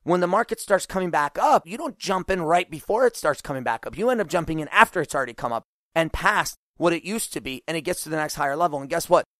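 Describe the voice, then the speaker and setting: A middle-aged man hosting a solo podcast as a business coach, talking in an energetic, animated way. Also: on the high side, quick pace, no room sound, studio quality. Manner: energetic, animated, acts out quoted voices.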